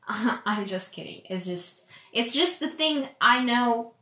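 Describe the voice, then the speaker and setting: A young woman rambles through a casual solo podcast, loud and chatty. Her voice sits a little high, and she talks slowly. The room around her is echoey. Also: lively intonation. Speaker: podcast host.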